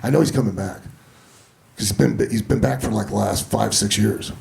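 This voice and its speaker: A man in his fifties telling profane, animated stories during a stand-up set on a comedy club stage. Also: fairly low pitch, a little fast, vocal fry. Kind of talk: stand-up storytelling.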